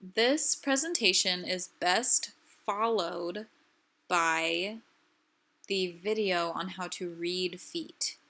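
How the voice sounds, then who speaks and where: A woman presenting a recorded slide lecture on a language's stress rules, explaining in a clear, patient way. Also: fairly low pitch, very slow, pushed and bright.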